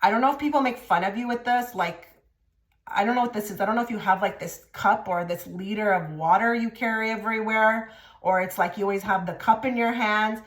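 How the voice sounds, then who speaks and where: A woman's voice: medium pitch, a little fast. Blunt woman doing a tarot reading. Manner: direct and blunt, many filler likes. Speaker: tarot reader. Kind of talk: casual pick-a-card reading to camera. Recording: echoey room.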